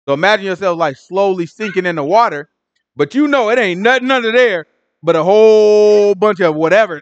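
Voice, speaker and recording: Animated high-voiced man teaching scripture. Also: no room sound, highs cut off. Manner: animated storytelling, acting out the scene in voices. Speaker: Bible study teacher. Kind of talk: casual Bible study teaching.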